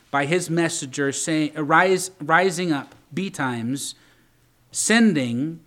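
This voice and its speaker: A man's voice: on the high side, a bit bright. A man preaching a sermon as pastor, emphatic, with questions and asides to the congregation.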